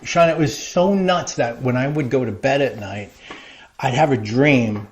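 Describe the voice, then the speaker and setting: A man's voice: medium pitch, measured pace, slight background noise. Rambling middle-aged man telling stories. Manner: rambling, animated anecdote telling with many fillers. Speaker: interview guest, wrestling creative. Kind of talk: casual storytelling interview.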